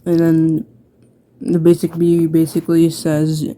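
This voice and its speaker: Low, slow, mellow-voiced woman rambling. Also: fairly even intonation. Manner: self-mocking, rambling, many "like" fillers. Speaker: video creator. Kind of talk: casual commentary reviewing an old childhood book.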